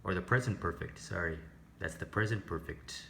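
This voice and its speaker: A man's voice: sits low, moderate pace, creaky, fairly bright tone, a little hiss or hum. A man teaching an English lesson, explaining grammar and pronunciation step by step and asking the class questions.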